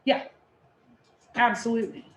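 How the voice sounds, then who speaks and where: A woman instructor giving a lively, playful classroom lecture. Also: normal speed. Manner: animated, playful explanations. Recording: echoey room, distant mic, faint noise.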